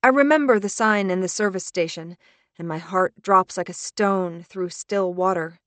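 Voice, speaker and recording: A woman narrating a suspenseful first-person audiobook in a tense, measured reading. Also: fairly low pitch, fairly bright tone, no room sound.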